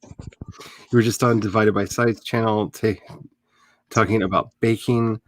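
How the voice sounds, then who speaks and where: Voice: medium pitch, steady tone, unhurried, no room sound. A writer hosting a casual livestream, chatting in a rambling way and laughing often. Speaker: host of a writing livestream.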